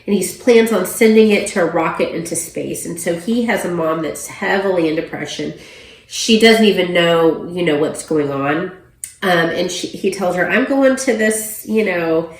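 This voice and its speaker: A woman giving a casual book review, chatty and full of ums and you-knows. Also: fairly low pitch. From Oklahoma, USA. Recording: roomy echo.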